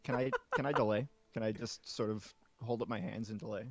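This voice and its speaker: A man's voice: fairly low pitch, fairly even intonation, a little fast, no echo. A man playing a tabletop game, hesitant and asking questions. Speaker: player. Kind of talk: casual tabletop play.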